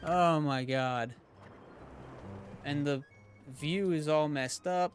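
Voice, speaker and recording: A man streams a video game, cracking jokes and reacting out loud as he plays. His voice sits a little high. Faint game music runs underneath. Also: slow. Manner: joking, reacts aloud to the game. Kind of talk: casual let's-play commentary.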